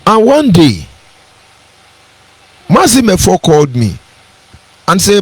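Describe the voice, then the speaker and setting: Emphatic Nigerian man, high voice. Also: wildly swooping pitch, slow, pauses often, breathy edge, no room sound. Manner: emphatic, preacherly, repeats key phrases. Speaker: radio broadcaster. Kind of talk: impassioned radio address.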